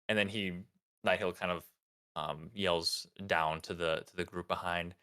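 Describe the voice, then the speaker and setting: A man's voice: sits low, steady tone, a little slow, pushed and bright, smooth. A man narrating as game master in a tabletop game, rambling with many fillers.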